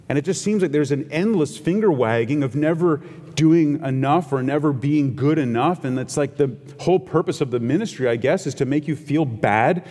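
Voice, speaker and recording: A man's voice: fairly high pitch, normal speed, a little mellow. A male pastor giving a sermon, talking conversationally and retelling scripture in everyday words. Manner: conversational preaching, paraphrasing scripture in plain talk. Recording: long hall reverb.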